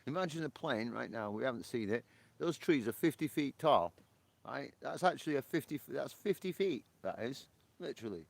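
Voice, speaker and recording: Gravelly, animated British man. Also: mid-range voice, a little fast, no echo. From Britain. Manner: laughs often, swears, excitable outbursts. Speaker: livestream host. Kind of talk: casual chat. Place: porch, outdoors.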